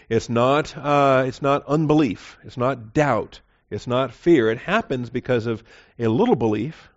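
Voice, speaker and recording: A man teaching verse by verse through a Bible passage, conversational and digressive, correcting himself as he goes. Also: mid-range voice. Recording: dull lo-fi recording.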